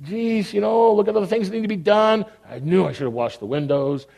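A man's voice: high-pitched, a little fast, creaky, darkish tone. Man acting out a flustered woman fretting over chores. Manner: fretful, rattling off tasks.

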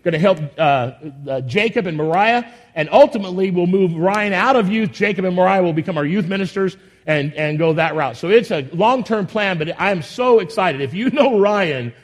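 A man with a high voice leads his congregation from the pulpit. He talks in a folksy, rambling way, full of enthusiasm and frequent restarts. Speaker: pastor. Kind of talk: church announcements and sermon. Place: church sanctuary.

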